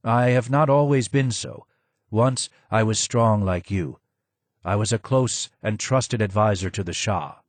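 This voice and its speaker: A man voicing a broken, maimed older man who was once a royal advisor, speaking low and hoarse, slow and subdued with a sad tone. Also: no room sound, natural voice. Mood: sad, grim.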